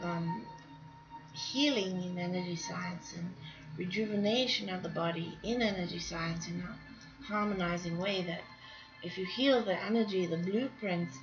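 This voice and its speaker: A woman artist commentating casually while she draws, rambling with fillers, restarts and frequent laughs. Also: medium pitch. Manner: chatty, laughs often, many fillers and restarts. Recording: dull lo-fi sound with music behind. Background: music.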